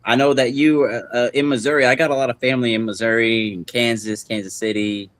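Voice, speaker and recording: A man's voice: mid-range voice, fairly even intonation, fast talker, fairly bright tone, dry recording. A young man talking loosely and at length as a guest on a podcast, full of slang, restarts and laughter. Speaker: guest musician. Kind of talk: casual podcast chat.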